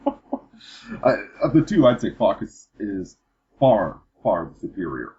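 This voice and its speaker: A man's voice: fairly low pitch, sing-song, takes it slowly, mellow. Man, podcast host, casual political chat, rambling, repeated words, lo-fi sound. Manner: rambling, repeats words when starting sentences. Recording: dull lo-fi podcast audio.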